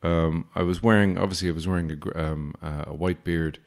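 Low-voiced and a bit fast, with a flat delivery, this podcast host is a man in his late twenties or thirties. He tells casual stories in a monologue, dry and sarcastic, with mock-formal asides.

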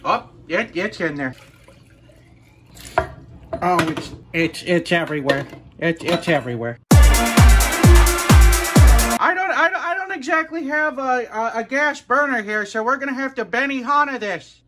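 A man in his thirties hosting a comedic cooking video, talking in a sardonic, deadpan, ranting way. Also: extremely high pitch, measured pace, long pauses, music in the background. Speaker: cooking show host.

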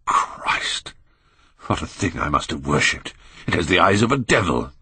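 A man's voice: low-pitched, big pitch swings, a little slow, sharp tone, breathy edge, exaggerated voice. A man reading an anguished middle-aged male painter in an audiobook, pleading and aghast, rising to cries. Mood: shaken.

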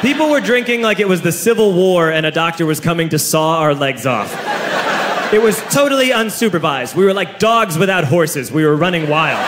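A man in his thirties telling a stand-up story to a live audience, animated and bursting into fast excited stretches. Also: high-pitched, noisy background. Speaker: stand-up comedian. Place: comedy stage before a live audience. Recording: echoey live stage recording with laughing crowd.

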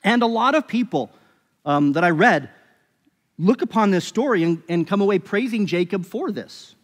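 A man's voice: high voice, animated, moderate pace. A man preaching a sermon as pastor, talking conversationally with emphatic rises and frequent restarts. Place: church sanctuary. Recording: long reverb of a church hall.

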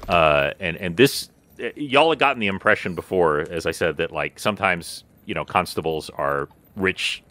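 Low, bright-voiced man as game master. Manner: relaxed, lots of fillers and restarts. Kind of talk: narrating a tabletop game.

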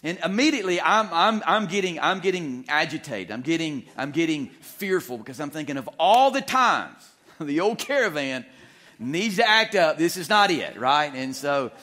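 Male pastor, bright animated storyteller with a slightly high voice. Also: normal speed. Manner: animated, humorous storytelling with frequent restarts. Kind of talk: storytelling sermon. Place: church sanctuary.

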